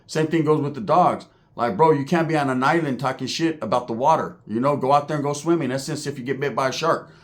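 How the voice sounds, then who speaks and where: A middle-aged man giving a casual commentary rant in streetwise slang, animated and full of tangents and asides. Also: medium pitch, quick pace, few pauses.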